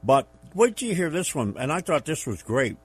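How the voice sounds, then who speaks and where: A man with a slightly high, husky, very animated voice hosts a political radio show at a moderate pace. He chats casually and affirms his co-host with brief agreements and short backchannels.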